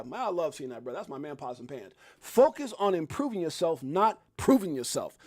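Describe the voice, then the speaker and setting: A middle-aged man hosting a crypto live stream, preaching hard work in fired-up, slangy talk with loud whoops. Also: sits high, sing-song, quick pace, few pauses, no echo.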